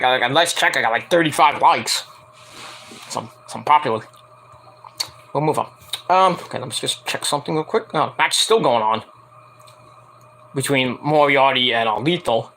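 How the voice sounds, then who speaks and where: Excitable man with a bright, forceful voice. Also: mid-range voice, normal speed, long pauses, slight background noise. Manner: rambling, filler-heavy, excitable play-by-play. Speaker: wrestling show reviewer. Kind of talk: casual recap vlog.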